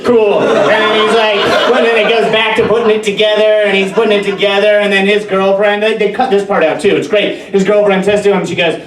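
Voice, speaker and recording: Young male stand-up comic, slightly high voice, rambling self-deprecating delivery, echoey room, distant mic, loud crowd. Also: little pitch movement, fairly quick, hardly any pauses. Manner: rambling, self-deprecating storytelling with many restarts. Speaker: stand-up comedian. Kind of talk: stand-up comedy set. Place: bar or brewery stage with a live audience. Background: audience laughter.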